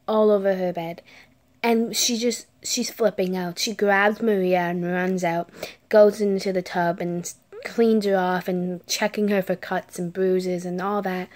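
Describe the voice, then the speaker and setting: A woman's voice: mid-range voice, a little mellow. A woman vlogger telling a story in a casual way, dropping to a whisper at the tense parts. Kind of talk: story time.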